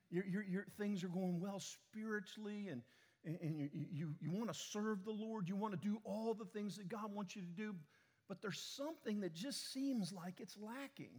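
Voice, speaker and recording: A man's voice: high-pitched, a little mellow. A middle-aged man preaching a sermon to a church congregation, often repeating words as he restarts, with conversational asides to the people. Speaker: pastor.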